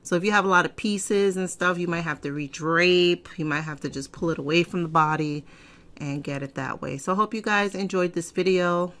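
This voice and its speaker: A woman hosting a casual software tutorial, chatty and digressive, often clearing her throat. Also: fairly low pitch, a little fast. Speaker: fashion software tutorial host. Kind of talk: casual screen-recorded tutorial. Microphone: desk microphone.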